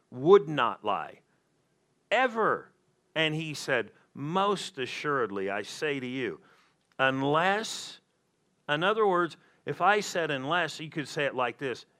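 A man's voice: a little high, fairly bright tone. A man preaching a sermon in a conversational way, repeating his points for emphasis. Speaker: pastor.

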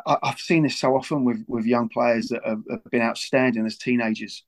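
A man's voice: medium pitch, fairly even intonation, fairly quick. A man talking earnestly about his football club, often repeating words as he goes. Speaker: football club figure as guest. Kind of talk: casual podcast talk.

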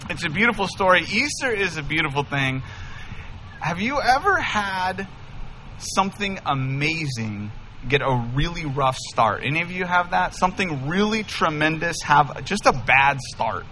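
A man in his thirties, a pastor, telling a humorous story in an animated, enthusiastic sermon. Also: fairly high pitch, unhurried, a little hiss or hum. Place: church sanctuary.

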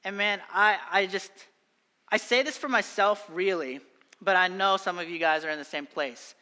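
A man's voice: high-pitched, normal speed, sharp tone, in a large hall. A young adult man preaching a sermon, earnest and exhorting, often repeating phrases for emphasis. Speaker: pastor.

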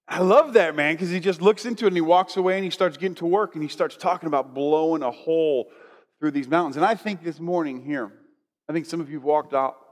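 Pastor, male, chatty preacher, slightly high voice, echoing sanctuary. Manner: conversational, preacherly, leads congregation in declarations. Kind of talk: sermon. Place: church sanctuary. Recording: long hall reverb.

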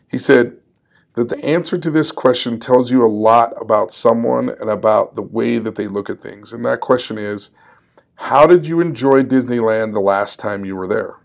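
40s guy doing a solo podcast, friendly and upbeat, bit of gravel in his voice. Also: medium pitch, a little mellow. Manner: conversational, upbeat and encouraging; laughs at himself. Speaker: podcast host.

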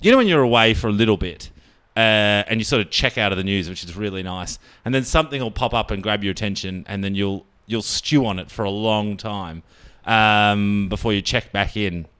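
Young Aussie male co-host, smooth clear tone, sardonic ranter. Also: fairly low pitch, brisk, hardly any pauses, fairly bright tone. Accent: Australian. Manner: sardonic, mocks others with put-on voices. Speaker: podcast co-host. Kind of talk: casual ranty chat.

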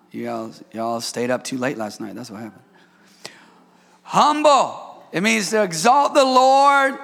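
A man preaching a sermon to a church congregation, calling out to them, swinging between shouted lines and low asides. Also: creaky, in a large hall. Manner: call-and-response preaching, shouting then dropping low. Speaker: pastor. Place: church sanctuary.

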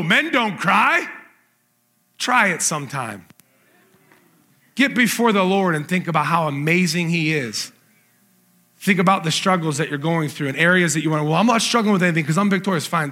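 Pastor type, man with a high, bright voice, earnest delivery reading scripture to a congregation. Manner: earnest, reads scripture aloud with emphasis. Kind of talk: sermon.

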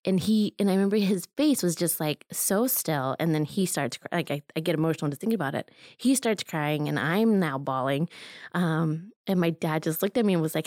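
Low-voiced woman sharing an emotional story. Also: expressive, brisk, a little mellow, no echo, studio quality. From Colorado. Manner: earnest, emotional, many fillers. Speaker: community organizer. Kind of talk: personal story in an interview. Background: music.

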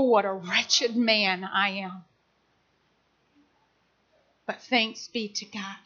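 A woman pastor delivers a sermon in a high, bright voice, talking to the congregation like she is chatting with them and slipping into the voices of the people she quotes. She sounds middle-aged, and her delivery is heartfelt and energetic. The recording is somewhat dull and lo-fi. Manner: impassioned, conversational preaching with acted-out quotes.

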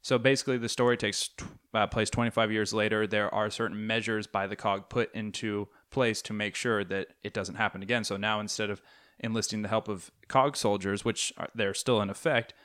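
Fairly fast and lowish in pitch, a young man's voice carries long, rambling anecdotes as he co-hosts a casual podcast. His storytelling is animated and full of fillers.

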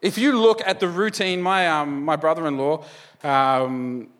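A man's voice: fairly high pitch, a little slow, a bit bright, long reverb tail. A man preaching a conversational sermon as pastor, with joking asides.

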